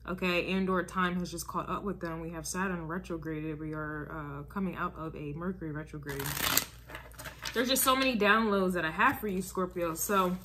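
Woman tarot reader, casual and emphatic, a bright, punchy voice that sits a little low, slight background hiss. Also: steady tone, normal speed. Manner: emphatic, repeats herself, checks in with "all right?" and "okay?". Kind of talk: casual tarot reading to camera.

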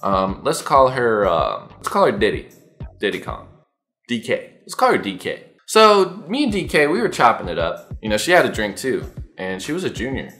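A man's voice: fairly low pitch, wildly swooping pitch, normal speed, fairly bright tone, faint music behind. A young man telling a story on his vlog, slangy and profane, acting out his own past lines. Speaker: vlogger.

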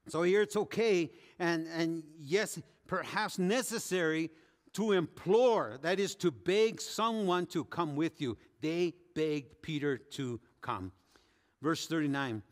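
In a sanctuary-like space whose long hall reverb makes his voice ring, a high-voiced male pastor preaches, narrating the story vividly and voicing the people in it.

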